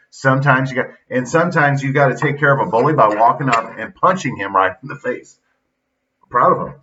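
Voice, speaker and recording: Middle-aged guy doing a blunt pep-talk podcast, bright voice, kinda far off the mic. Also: mid-range voice. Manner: blunt, folksy, retells stories with quoted dialogue. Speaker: podcast host and youth football coach. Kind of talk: casual motivational monologue. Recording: dull lo-fi sound, slightly off-mic.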